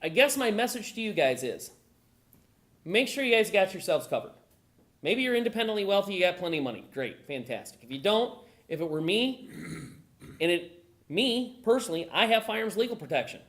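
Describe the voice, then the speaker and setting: With a mid-range voice at normal speed, a woman delivers a live talk at a gun owners' meeting. She's animated, engaging the group with questions and reenacting conversations.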